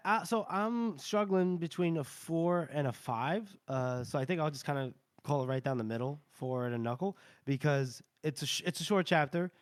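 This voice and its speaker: A male podcast co-host talks in a loose, rambling way, full of fillers and restarts. His voice sits a little high. The sound is close and dry with no room echo. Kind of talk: casual chat.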